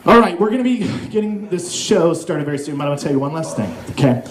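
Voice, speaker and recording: A young man from Oklahoma doing an animated stand-up set, dropping in mock accents and silly voices. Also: a little high, quick pace, hardly any pauses, noisy background. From Oklahoma, USA. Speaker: stand-up comedian. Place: comedy club stage with live audience. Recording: echoey club room with crowd laughter. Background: audience laughing.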